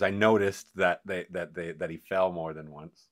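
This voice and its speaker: A man's voice: sits low, fairly even intonation, normal speed. A man co-hosting a casual podcast, laid-back and agreeing with short replies. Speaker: podcast co-host.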